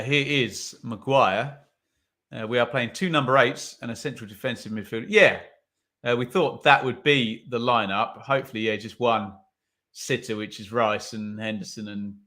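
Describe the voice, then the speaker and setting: A man's voice: medium pitch, fairly even intonation, normal speed, pushed and bright. A man hosting a live football watch-along, commenting on play and reading viewer comments with wry asides.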